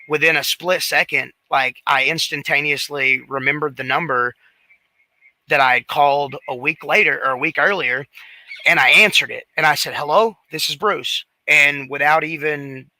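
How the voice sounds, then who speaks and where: A man's voice: fairly high pitch, creaky, sharp tone, no echo, poor audio. A man co-hosting a casual talk show, telling a rambling story with lots of restarts and fillers. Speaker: podcast co-host.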